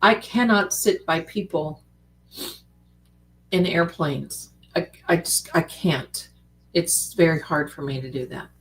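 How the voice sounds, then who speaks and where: Woman, livestream host, casual chat, animated, home streaming mic. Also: sits low, slow pace. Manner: chatty, animated, calls viewers "my darlings".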